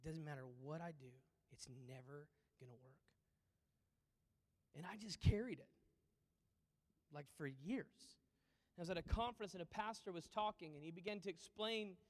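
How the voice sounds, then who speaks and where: Male pastor, high voice, preaching with big swings down to near-whispers; reverberant hall. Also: moderate pace, pushed and bright. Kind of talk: sermon. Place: church auditorium. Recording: long reverb of a large hall.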